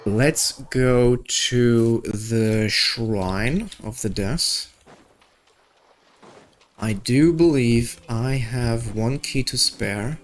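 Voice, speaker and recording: A man's voice: mid-range voice, drawn-out words. A young man chatting casually and joking while playing a game, reading its dialogue aloud. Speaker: gaming video creator.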